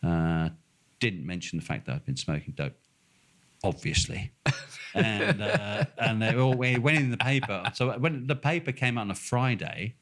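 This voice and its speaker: Older norfolk guy, lowish voice, swears a lot, laughs through his stories and acts out who said what. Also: expressive, normal speed, fairly bright tone. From England. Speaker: podcast co-host. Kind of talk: casual storytelling chat.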